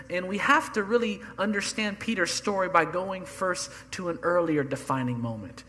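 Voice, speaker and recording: A male pastor delivers an earnest sermon, driving his points home with repetition. His voice sits high and sounds bright and forceful. The sound carries the long reverb of a large church sanctuary. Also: slight background noise. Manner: earnest, builds emphasis through repetition.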